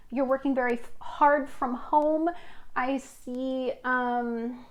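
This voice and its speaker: A woman giving a casual tarot reading, talking in a chatty, rambling way with fillers. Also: sits high. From Washington state. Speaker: tarot reader.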